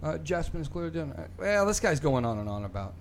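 A man's voice: a little high, sing-song, fast talker, a little hiss or hum. Opinionated man hosting a casual chat. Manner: opinionated, repeats words when starting a thought. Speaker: show host.

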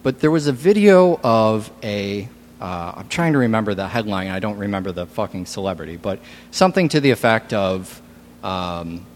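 A podcast host chatting casually, joking and swearing, in a put-on radio voice. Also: male voice, lowish voice, animated, moderate pace, slight background noise.

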